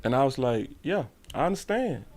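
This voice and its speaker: A man telling a story in a casual, animated way and acting out the voices of the people he quotes. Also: mid-range voice, normal speed, faint music behind. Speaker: sports show host.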